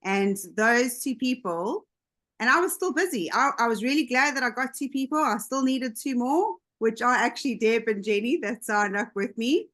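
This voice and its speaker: A woman on a video call telling her own story in a lively, chatty way, slipping into quoted dialogue. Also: on the high side, normal speed. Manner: animated, jumps into quoted dialogue. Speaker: team member sharing her story on a call. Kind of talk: casual storytelling.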